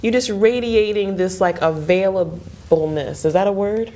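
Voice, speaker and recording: A woman's voice: mid-range voice, measured pace. A woman hosting a talk show, bubbly and encouraging, with lots of affirming replies. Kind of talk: casual talk show interview. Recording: loud background noise with clicks.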